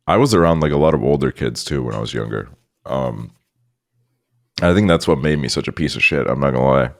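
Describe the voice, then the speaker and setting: Deep-voiced young man chatting casually. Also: animated, moderate pace, long pauses. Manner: rambling, swears often, mimics voices in stories. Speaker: podcast co-host. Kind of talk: casual chat.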